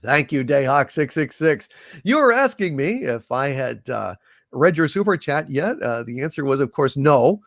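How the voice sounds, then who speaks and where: A man hosting a livestream, slowly reading out viewers' messages and thanking them, with many fillers and restarts. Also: mid-range voice, very animated, gravelly, no echo, clean studio sound. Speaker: livestream host reading super chats. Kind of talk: casual livestream chat.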